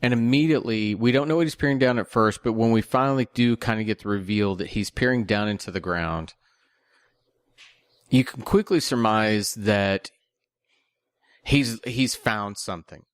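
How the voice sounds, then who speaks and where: Male co-host with a somewhat low voice and a dry sound; casual, questioning film talk. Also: normal speed, clear, resonant tone, no echo. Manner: questioning, skeptical. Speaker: podcast co-host. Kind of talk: casual movie discussion.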